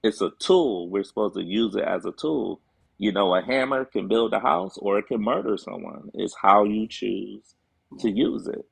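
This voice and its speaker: A man's voice: fairly low pitch, moderate pace, vocal fry, husky, no echo. A man speaking as a guest on a talk show, earnest and emphatic, with frequent fillers. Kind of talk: casual chat.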